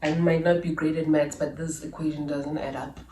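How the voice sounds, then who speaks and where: A young South African woman telling a story in a chatty, animated vlog style, with asides and laughs. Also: low voice, moderate pace, far from the mic, a little hiss or hum. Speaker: YouTuber. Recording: echoey room, a little off-mic.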